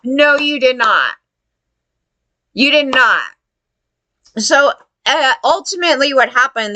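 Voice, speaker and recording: A woman tells her story as a heated rant, swearing freely and acting out the officials' replies. Her voice sits a bit high and sounds bright and sharp. The sound is dry and close, with no room echo. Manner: profane, heated, acts out others' lines. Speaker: fire survivor telling her story. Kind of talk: angry personal rant.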